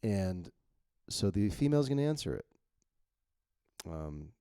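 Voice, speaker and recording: A man's voice: deep voice, very animated, a little slow, warm tone, clear, resonant tone, no echo, clean studio sound. A man editing his own novel on screen, thinking aloud bluntly and reading his draft lines to test them. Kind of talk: casual screen-recorded editing walkthrough.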